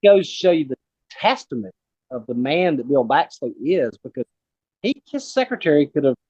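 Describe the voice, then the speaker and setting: A man's voice: on the high side, sing-song, moderate pace, darkish tone, breathy edge, no echo, lo-fi sound. A man in his forties hosting a casual interview, telling a rambling personal story. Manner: rambling, many fillers and restarts. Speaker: host.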